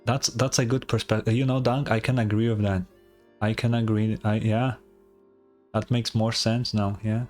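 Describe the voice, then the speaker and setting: A European man streams a game, chatting casually with his viewers and rambling and repeating himself as he answers chat. His voice is fairly low, a little mellow, and flat in delivery at normal speed, with soft music playing behind him.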